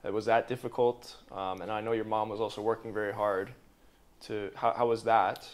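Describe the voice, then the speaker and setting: A man hosting a podcast, asking questions eagerly and interjecting with quick reactions in a casual interview. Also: lowish voice, little pitch movement. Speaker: podcast host.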